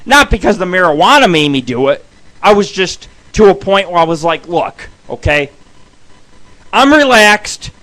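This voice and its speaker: A man hosting an internet radio show, telling rambling profane stories and shouting the punchlines. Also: high voice, lively intonation, a little fast, low-quality recording. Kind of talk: profane comic storytelling.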